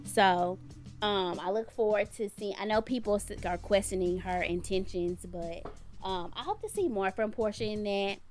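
A woman's voice: mid-range voice, normal speed, soft background music. A woman co-hosting a casual talk show, giving outspoken, opinionated commentary with blunt language. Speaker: podcast co-host.

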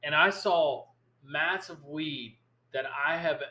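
A man hosting a podcast, telling a long fishing story in an animated, rambling way. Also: fairly high pitch, slow pace. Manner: animated, rambling storyteller who acts out quotes. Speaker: podcast host. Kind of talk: casual storytelling chat. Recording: echoey room.

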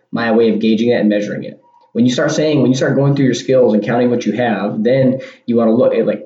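Man, solo podcast host, casual rambling talk, mellow dark voice, dull lo-fi echoey recording. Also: medium pitch. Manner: rambling, repeats words, restarts often. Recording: dull lo-fi sound in an echoey room.

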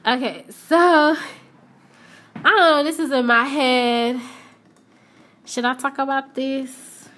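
Speaking slowly and steadily in a high, fairly bright voice, a young woman records her solo podcast at her shop, moving in and out of doors. She addresses listeners directly in a casual, repetitive chat.

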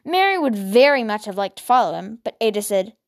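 A woman's voice: mid-range voice, big pitch swings, a little fast. A woman hosting a podcast, reading a novel aloud and then chatting about it casually, with fillers and restarts. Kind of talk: storybook reading with casual chat.

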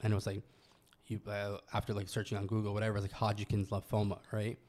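A man's voice: fairly low pitch, monotone, fast talker, a little mellow. A young man from Canada telling a personal story in casual podcast chat, loose and full of slang and swearing. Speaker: guest telling his story.

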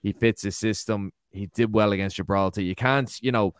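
A man's voice: lowish voice, steady tone, moderate pace, clean tone, no echo, clean studio sound. An Irish man co-hosting a football podcast, arguing his points with rhetorical questions. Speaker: podcast co-host. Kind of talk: casual football chat.

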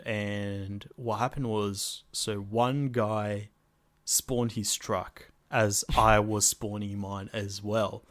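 A man co-hosting a podcast, telling a gaming story in a laid-back way and swearing freely. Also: lowish voice. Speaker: podcast co-host. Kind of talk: casual storytelling chat.

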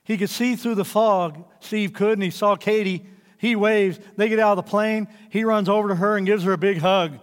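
A man's voice: sits high, fairly even intonation, clear, resonant tone. A man, a pastor, telling a story and praying in an earnest, emphatic sermon in a large church auditorium. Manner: earnest, emphatic preaching with drawn-out phrases. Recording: long hall reverb with faint music.

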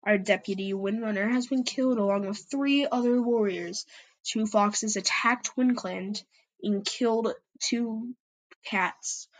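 A woman's voice: mid-range voice, measured pace, close to an everyday voice, rough recording. A woman voicing a weary male cat clan leader in an amateur story podcast, giving grim news in a tired, matter-of-fact way.

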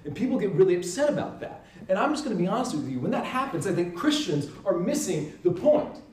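A man teaching in an earnest, emphatic way, often checking in with a quick "right?". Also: sits high, sing-song, darkish tone. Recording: roomy sound, mic at a distance.

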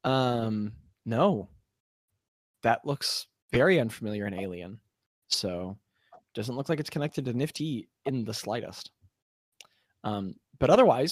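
A man runs a tabletop game as game master, his pitch rising and falling in a lively way. He pauses often with ums and slides between loud and hushed. The sound is close and dry, with no room around it. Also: no room sound. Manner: hesitant, full of ums, drifting between loud and quiet. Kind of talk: running a tabletop game online.

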